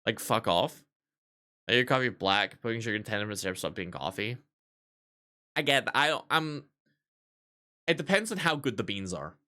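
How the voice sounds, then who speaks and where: Guy streaming and swearing a lot, bright sharp voice, rambling coffee stories. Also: on the low side, moderate pace, long pauses. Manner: profane, animated storytelling. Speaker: barista. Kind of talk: casual livestream chat.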